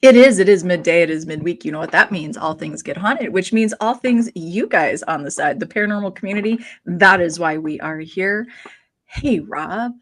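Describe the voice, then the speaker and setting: A woman's voice: on the low side, animated, moderate pace. A woman co-hosting a live stream, chatting casually and greeting viewers by name in a bubbly way. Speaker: co-host.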